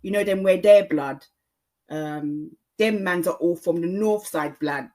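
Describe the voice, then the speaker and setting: A swaggering young London street talker with a Multicultural London English accent, played by a woman. The delivery is loud and cocky. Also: on the low side, unhurried, natural voice.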